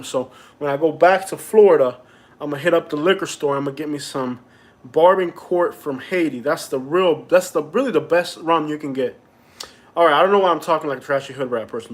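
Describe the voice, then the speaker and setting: A man live-streaming from his home on a phone, chatting casually with viewers in a joking, mock-aggrieved, complaining way. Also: fairly high pitch. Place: at home indoors.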